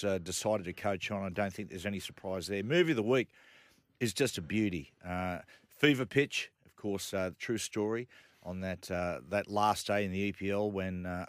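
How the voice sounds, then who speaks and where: A man's voice: fairly low pitch, a bit bright. An Australian man hosting a radio sports show in a small studio, chatty and joking with lots of fillers. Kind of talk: casual sports chat.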